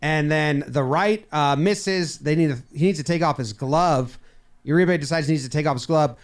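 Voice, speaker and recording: A man's voice: fairly high pitch, moderate pace. A man giving a playful, comedic breakdown of game footage, acting out the players' lines with mock dialogue. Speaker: baseball video commentator. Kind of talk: comedic sports breakdown over clips.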